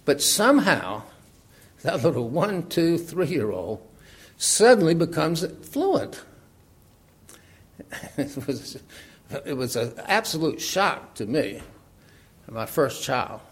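A middle-aged man preaching in a relaxed, conversational way, laughing often and asking rhetorical questions. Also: on the high side, takes it slowly, long pauses, breathy edge. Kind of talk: sermon.

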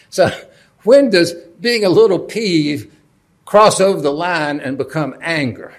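A Bible teacher at a lectern leads a casual, conversational lesson, putting questions to the audience and making jokes about himself. His voice sits fairly high and sounds very animated, moving at a normal speed.

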